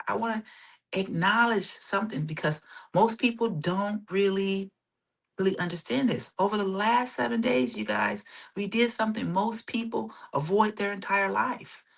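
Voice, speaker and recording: Woman coaching with creaky voice. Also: on the high side. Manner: casual, warm-toned coaching, keeps checking in with "okay?"; drops to a soft whisper for affirmations. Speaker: therapist and show host. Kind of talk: live-streamed guided breathing and self-help talk.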